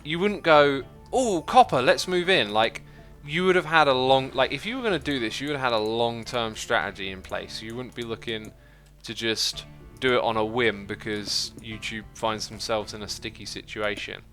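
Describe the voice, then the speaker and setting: A man hosts a gaming livestream, answering chat in a loose, rambling way full of fillers and restarts. His voice is bright and forceful at a medium pitch. Faint music plays behind him. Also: normal speed, few pauses. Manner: thinks aloud with many fillers and restarts.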